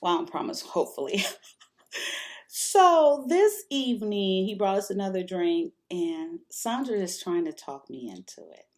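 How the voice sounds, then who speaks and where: A woman's voice: mid-range voice, big pitch swings, a little slow, a little mellow. A middle-aged woman vlogger telling a personal story in casual, frank talk, laughing often and swearing freely.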